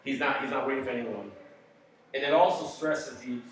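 A man preaching a sermon in an animated, joking way, with sudden loud bursts of emphasis. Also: medium pitch, fairly quick, a little hiss or hum. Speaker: pastor. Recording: echoey hall, distant mic.

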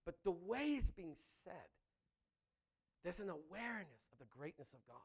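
A man preaching a sermon, animated and laughing between phrases, often asking the congregation "Amen?". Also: high voice, moderate pace, husky. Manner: breaks into laughter mid-sentence.

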